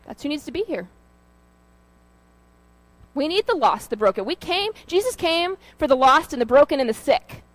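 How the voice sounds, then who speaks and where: A woman's voice: sits high, very animated, normal speed, pauses often, no room sound, low-quality recording. A woman giving an informal sermon, talking in a conversational, storytelling way with fillers and asides. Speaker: lay preacher.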